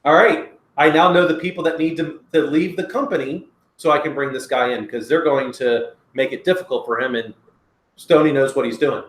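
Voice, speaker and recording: Male co-host, higher-pitched, joking and teasing, roomy echo. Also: normal speed. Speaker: podcast co-host. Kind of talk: casual chat. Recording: echoey room.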